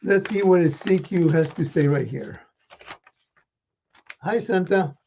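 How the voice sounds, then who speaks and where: A man playing Santa Claus, reading children's letters with a folksy chuckle and many pauses. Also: sits high, gravelly, darkish tone, lo-fi sound, slight background noise. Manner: chuckling, folksy, halting with fillers.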